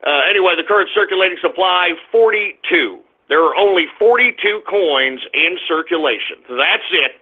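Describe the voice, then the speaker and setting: A man hosting a talk radio show, brash and profane, swinging from loud shouts to low mutters. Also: expressive, normal speed, hardly any pauses, husky. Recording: phone-like narrow band.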